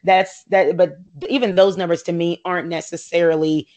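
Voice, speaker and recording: A woman's voice: fairly low pitch, steady tone, normal speed, darkish tone. An American woman chatting casually and opinionatedly about reality TV, laughing often and slipping into voices when she quotes friends.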